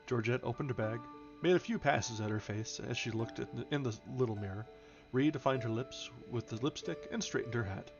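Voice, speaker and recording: With vocal fry in his mid-range voice, a man briskly reads a novel aloud on a livestream in audiobook fashion. Foreign names sometimes make him stumble and correct himself, and the lo-fi recording is dull with faint music.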